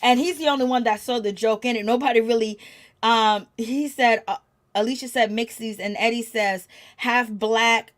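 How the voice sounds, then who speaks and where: A woman giving a chatty, gossipy recap of a reality show, growing animated when she quotes the people in it. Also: a little high, moderate pace. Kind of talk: casual recap commentary.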